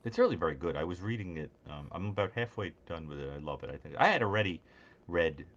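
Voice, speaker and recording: A man's voice: low-pitched, animated, fast talker, fairly bright tone, muffled recording. A man chatting playfully on a call-in show, teasing the caller and laughing easily. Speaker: podcast guest. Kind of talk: casual call-in chat.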